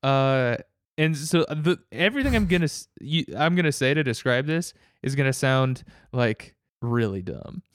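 A man chatting casually, rambling with halting restarts and laughing as he goes. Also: medium pitch, lively intonation, dry recording, studio quality. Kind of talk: casual chat.

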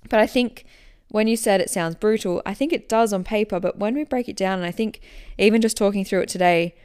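A woman hosting a podcast, answering listener questions in a relaxed, chatty way that explains as she goes. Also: mid-range voice, a little fast, smooth. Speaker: running coach and podcast host.

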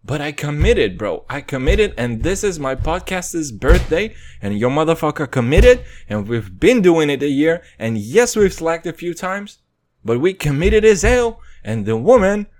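Young guy rambling on his podcast, swears a ton, voice jumps all over the place. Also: high voice. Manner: rambling, swearing, jumps between loud and quiet, mock voices and singing. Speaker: podcast host. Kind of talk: casual profane monologue.

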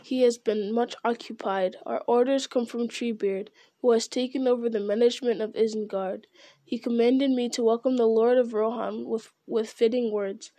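A woman's voice: a little high, fairly even intonation, moderate pace, mellow, no echo, lightly acted. Merry, a polite young hobbit, as a woman reads him. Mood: formal welcome. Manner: politely formal, mock-grave. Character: courteous young male hobbit, formal and cheeky.

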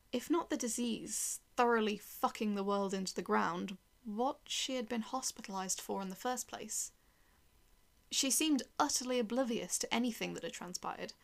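A woman reads a first-person horror story aloud, tense and dramatic, sometimes sinking to a whisper. Her mid-range voice has a gravelly fry. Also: medium pitch.

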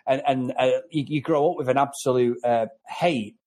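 Mancunian male podcast co-host, rambly, animated delivery, mid-range voice. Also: medium pitch, moderate pace. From North West England. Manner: rambling and animated, repeating words as he goes. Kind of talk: casual film review chat.

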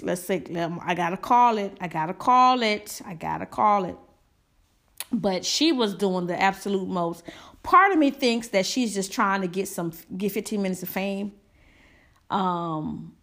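A woman hosts a casual commentary podcast in a sassy, emphatic way. She is chatty and candid, restarts her sentences often and drifts into asides as she thinks out loud. Her voice sits at an ordinary middle pitch for a woman. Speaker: podcast host.

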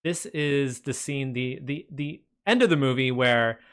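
Male podcast co-host, smooth resonant voice, mid pitch, relaxed chat. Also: measured pace. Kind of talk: casual film review chat.

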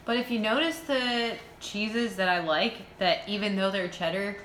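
A woman's voice: medium pitch, normal speed, a bit bright, reverberant, poor audio. A woman with a mid-range voice chats casually and keeps her remarks short and matter-of-fact. Her voice rings a little in the room, with a faint hiss behind it. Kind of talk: casual chat.

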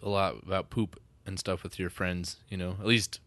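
Low-voiced joking man co-hosting a podcast. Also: little pitch movement, normal speed, fairly bright tone, no echo. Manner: joking, swears freely, rambling. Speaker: podcast co-host. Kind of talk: casual chat.

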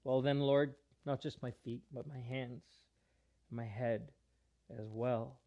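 A man's voice: mid-range voice, steady tone, takes it slowly, lo-fi sound, pitched below the performer's own voice. A man playing Peter as an impulsive disciple who bluntly protests, retold within a sermon. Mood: protesting.

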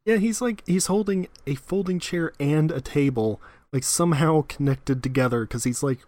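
A man co-hosting a casual podcast, recapping an anime episode in a relaxed way, with lots of "like" and the odd chuckle. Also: fairly high pitch, moderate pace, no echo. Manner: relaxed, fills gaps with "like", chuckles.

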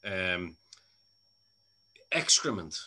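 A man's voice: low voice, very animated, extremely slow, sharp tone. An Irish man hosting a podcast interview, chatty and casual, laughing often and swearing freely. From Ireland. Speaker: podcast host.

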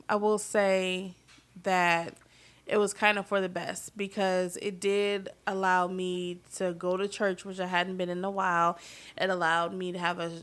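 Woman in her 30s chatting about her life, storytelling vibe, gets loud and animated sometimes. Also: medium pitch. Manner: animated, loud when reliving emotional moments. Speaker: vlogger telling a family story. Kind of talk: casual storytelling.

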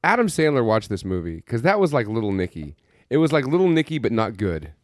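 A man's voice: medium pitch, very animated, brisk, no echo, clean studio sound. A man co-hosting a podcast, recapping a film in a rambling, exasperated, profane way. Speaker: podcast co-host. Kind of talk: casual film review chat.

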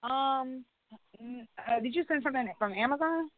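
A woman's voice: sits high, moderate pace, dry recording. Chatty woman on a tinny phone line. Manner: chatty storyteller, animated retellings, frequent laughs. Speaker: podcast co-host. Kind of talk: casual chat.

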